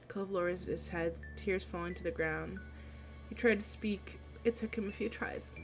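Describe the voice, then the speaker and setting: A woman's voice: mid-range voice, fairly even intonation, normal speed, soft background music. A young adult woman streamer reading a visual novel aloud, with casual, emotional asides.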